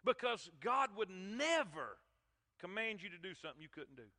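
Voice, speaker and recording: A man's voice: high voice, sing-song, moderate pace, pushed and bright. A man preaching a sermon, emphatic and calling out to his congregation. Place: church sanctuary. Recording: long hall reverb in church.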